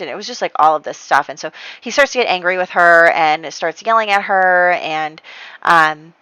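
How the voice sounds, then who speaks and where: A young woman hosting a let's play recaps her life-sim gameplay story in a chatty, rambling way, full of fillers and restarts. Her lowish voice is brisk, pushed, and bright, clear and resonant, with no room sound, though the audio quality is poor.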